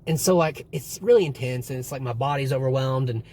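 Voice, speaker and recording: A man's voice: medium pitch, brisk, a little hiss or hum. A young man casually vlogging and telling stories in a rambling way, with lots of swearing. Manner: rambling, swearing, animated retelling. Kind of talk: casual storytelling to camera.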